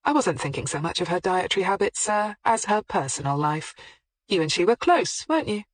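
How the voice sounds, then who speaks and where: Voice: medium pitch, very animated, brisk, no room sound, natural voice. A composed woman detective who presses a suspect politely and doggedly, with a mild ironic edge, as an audiobook narrator voices her. Her lines sit in a mid register. The audiobook is recorded close and dry. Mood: firm. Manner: politely persistent, mildly ironic. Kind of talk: audiobook character voicing.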